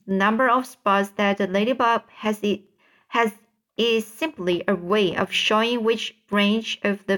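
A prim, gently snobbish ladybug, voiced by a woman reading aloud, who looks down a little on her commoner cousins. She speaks slowly and deliberately at a middling pitch. It is a calm storybook reading.

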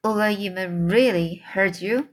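Woman doing a curious brave little girl, plain questions, slow, storybook read-aloud. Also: mid-range voice, lightly acted.

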